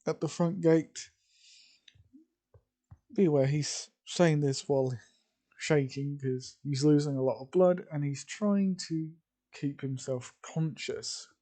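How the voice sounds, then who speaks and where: Male storyteller, slow and informal, mellow tone, rambling asides. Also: fairly high pitch. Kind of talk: casual fan-fiction narration.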